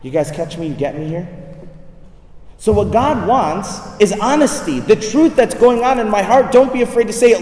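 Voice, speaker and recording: A man preaching a sermon in a lively, conversational way, often checking in with his listeners. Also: high voice, moderate pace, pauses often. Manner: animated, conversational, asks listeners "right?". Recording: echoey hall, speaker far from mic.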